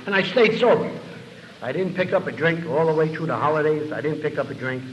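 A man telling his recovery story to an audience as a lively, self-mocking comic storyteller, in a dull lo-fi recording. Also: a little high, a little fast, a little hiss or hum. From New York City.

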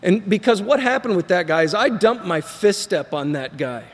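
A man's voice: sits high, expressive, normal speed, big-room sound. A middle-aged man telling his recovery story to a group, rambling and acting out what people said, with a self-deprecating humor. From Texas. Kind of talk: personal recovery talk to a group.

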